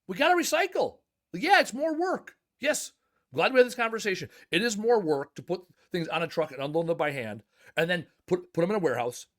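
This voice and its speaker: Emphatic, fairly high-voiced business owner. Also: male voice. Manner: emphatic, animated storytelling. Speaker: junk removal business owner. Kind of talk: casual podcast conversation.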